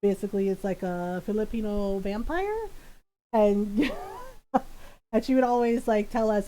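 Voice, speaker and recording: A woman's voice: on the high side, normal speed, mellow, rough recording. A woman streamer chatting casually while gaming, rambling and laughing often. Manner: many restarts and fillers.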